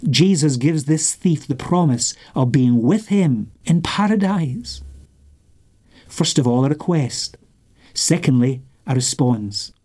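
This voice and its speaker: A man preaching a sermon in measured, rhythmic phrases, repeating lines with long pauses between them. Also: mid-range voice, expressive, dark tone.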